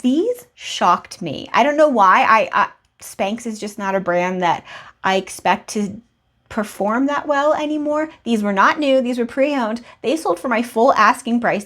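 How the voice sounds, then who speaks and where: Chatty woman reseller, fairly high voice. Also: animated, a little slow, a bit bright. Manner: chatty, rambling asides, laughs at herself. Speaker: reseller vlogger. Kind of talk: casual sales recap.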